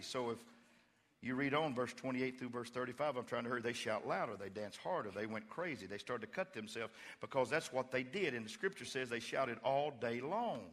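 Bright-voiced preacher in a reverberant church. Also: male voice, mid-range voice, slightly rough. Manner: swings from quiet storytelling to loud fervent preaching; playful humor while retelling scripture. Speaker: pastor. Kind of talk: sermon. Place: church sanctuary.

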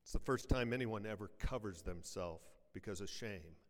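Speaking in a lowish voice, a pastor preaches to his congregation, firing off rhetorical questions and quick jokes before dropping to a hush for weighty lines. The recording carries long reverb from a large church hall.

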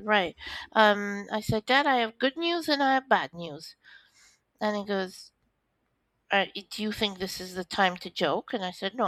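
A woman telling her own story in an interview, with lively, acted-out dialogue. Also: medium pitch, dry recording, rough recording. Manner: animated storytelling, acts out quoted dialogue. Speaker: interview guest. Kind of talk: recounting a personal story.

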